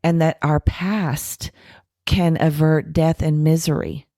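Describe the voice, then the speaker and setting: Woman with a low voice spilling her sobriety story, pretty frank, jumps into the quoted voices, dry close sound. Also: no echo. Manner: frank, animated retelling with acted quotes and self-deprecating laughs; slows down and softens for spiritual points. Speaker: podcast guest. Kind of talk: candid recovery storytelling.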